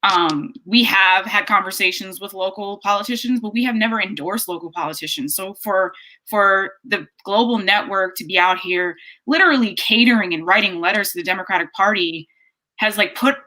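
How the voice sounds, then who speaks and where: Bright, blunt woman activist. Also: mid-range voice, normal speed. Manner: blunt, emphatic, rhetorical questions. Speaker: activist guest. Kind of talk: panel discussion.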